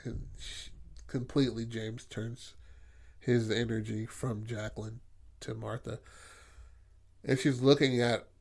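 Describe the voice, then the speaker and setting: A man's voice: mid-range voice, little pitch movement, unhurried, vocal fry, pauses often. Rambling, swearing male podcast host. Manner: rambling, profane, filler-heavy. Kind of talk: casual brainstorming chat.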